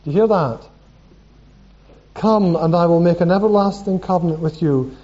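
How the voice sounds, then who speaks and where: Reading scripture aloud and questioning his congregation, a man delivers a sermon at a moderate pace in a mellow voice that sits high. The recording is dull and lo-fi.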